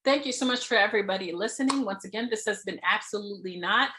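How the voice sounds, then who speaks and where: A woman's voice: medium pitch, quick pace, bright, forceful tone, a little hiss or hum. A woman hosting a podcast interview, talking expressively in a casual chat, laughing often and swearing freely. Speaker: podcast host.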